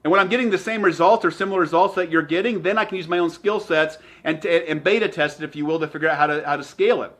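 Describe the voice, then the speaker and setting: A man giving an energetic motivational talk as a sales trainer, emphatic and repeating his phrases. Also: a little high, fast, hardly any pauses.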